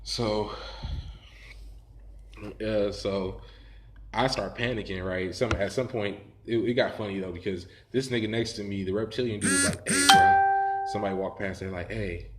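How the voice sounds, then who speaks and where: A man's voice: lowish voice, steady tone, moderate pace, roomy sound, very noisy. A man telling a story in casual, profane talk, rambling and laughing as he goes.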